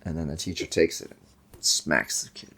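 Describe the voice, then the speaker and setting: A man co-hosting a podcast, casually retelling a horror movie with jokes and quick put-on quotes. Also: very deep voice, fairly even intonation, bright, forceful tone, husky. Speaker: podcast co-host. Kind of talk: casual movie recap chat.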